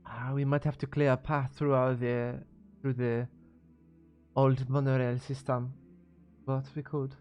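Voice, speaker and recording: A man's voice: medium pitch, flat delivery, darkish tone, clear, resonant tone, lo-fi sound, soft background music, natural voice. A man voicing Silver Lady, a courteous woman tech mogul with a French accent. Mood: composed. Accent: French, put on. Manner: formal, courteous, measured. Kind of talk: tabletop role-play.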